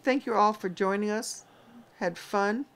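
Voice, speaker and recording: Gravelly-voiced woman chatting on a livestream. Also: medium pitch, unhurried. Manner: chatty, teasing, reads viewer names aloud. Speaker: co-host of a homestead livestream. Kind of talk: casual live chat reading viewer comments.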